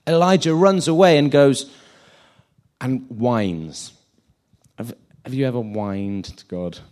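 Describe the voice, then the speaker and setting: A man's voice: mid-range voice, slow, a little mellow. A man giving an informal sermon, chatty and self-deprecating, acting out the scenes he retells.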